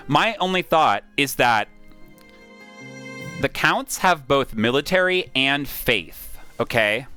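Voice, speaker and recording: A man streaming a strategy game, excitedly thinking aloud, reading the story out and swearing casually. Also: medium pitch, smooth. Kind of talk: live-streamed game play with narration.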